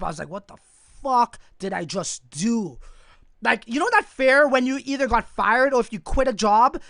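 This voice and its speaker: A young man from Canada hosting a crypto livestream, telling a story in a profane, animated way and talking straight to his viewers. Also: very high-pitched, dry recording, clean studio sound. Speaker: crypto channel host.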